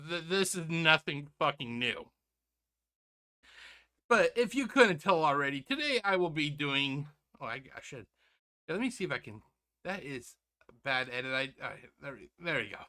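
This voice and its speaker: A man's voice: on the high side, very animated, moderate pace, long pauses. Sarcastic rambling male commentator. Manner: sarcastic and rambling, many restarts; addresses viewers as ladies and gentlemen. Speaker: reaction channel host. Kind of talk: casual commentary.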